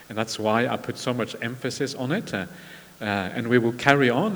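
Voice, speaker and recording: A man giving a Buddhist meditation talk at a retreat, in a measured, unhurried way with frequent pauses. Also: mid-range voice. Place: large meditation hall. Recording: long reverb of a large hall.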